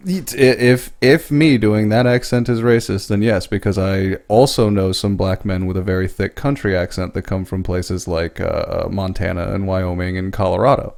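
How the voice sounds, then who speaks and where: A man's voice: low voice, fairly even intonation, normal speed, gravelly, hardly any pauses, darkish tone. A man co-hosting a podcast, talking in blunt, sarcastic casual banter and swearing freely. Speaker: podcast co-host.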